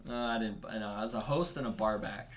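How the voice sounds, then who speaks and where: A man's voice: on the low side, brisk. Guy rambling on a podcast, laughs a lot, keeps trailing off, bit of hiss behind him. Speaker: podcast guest. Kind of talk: casual podcast chat.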